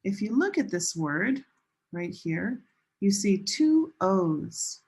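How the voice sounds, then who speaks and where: Slow, husky-voiced woman teacher. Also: mid-range voice, expressive, a little mellow, poor audio. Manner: slow, careful pronunciation modeling with repeated words. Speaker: ESL teacher. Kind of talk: recorded online lesson.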